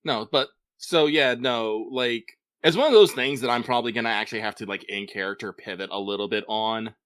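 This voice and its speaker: A man with a bright, forward voice talks in long, loose runs, swearing freely and correcting himself mid-sentence. He is a podcast co-host in casual conversation, recorded close and dry. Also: lowish voice, fairly quick, no echo.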